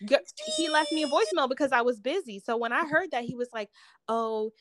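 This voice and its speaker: A woman's voice: high voice, expressive, quick pace, a loud crowd. Blunt woman co-host giving advice. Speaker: podcast co-host. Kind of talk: casual chat.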